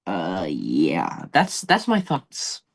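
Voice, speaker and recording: A man with a very low voice reads out live results. He stumbles and restarts, filling the gaps with "uh" as he works through the numbers. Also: wildly swooping pitch, creaky. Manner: halting, many fillers. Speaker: co-host reading results.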